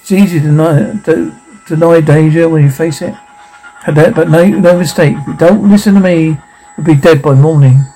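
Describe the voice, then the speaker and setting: Man acting a jaded occult investigator, dry and blunt, mellow tone, slightly high. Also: fairly even intonation, normal speed, faint music behind, natural voice, low-quality recording. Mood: grim. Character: cynical, streetwise male occult investigator.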